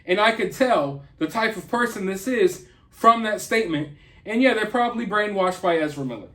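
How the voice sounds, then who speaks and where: A man's voice: high-pitched, lively intonation, moderate pace, sharp tone. A man hosting an opinion commentary vlog, talking in an indignant, emphatic and mocking way. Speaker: commentary channel host.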